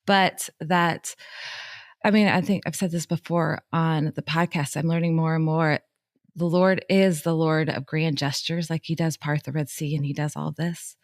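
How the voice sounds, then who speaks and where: A woman's voice: deep voice, fairly even intonation, moderate pace, no echo, clean studio sound. A woman co-hosting a faith podcast, talking casually and animatedly with lots of "like" and laughter. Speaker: podcast co-host.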